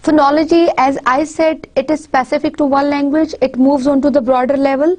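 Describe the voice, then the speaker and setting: A woman's voice: sits high, fairly even intonation, brisk, a little mellow. A woman with a Pakistani accent giving a university lecture, explaining step by step with spoken examples and frequent restarts.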